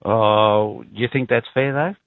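A man's voice: fairly low pitch, slow pace, no echo. A man calling in to a radio show, laid-back and easygoing. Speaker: radio caller. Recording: phone line.

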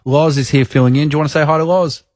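A man's voice: fairly high pitch, fairly even intonation, very fast, darkish tone, dry recording. Aussie radio guy, jokey banter, dry close studio mic. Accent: Australian. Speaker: radio host. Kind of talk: breakfast radio prize call. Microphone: studio microphone.

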